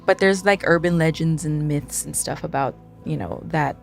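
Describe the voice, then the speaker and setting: A young woman with a fairly low voice tells a spooky personal story as a podcast guest. She talks casually and animatedly, laughs often and acts out the voices of her friends. Faint music plays underneath. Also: normal speed, vocal fry.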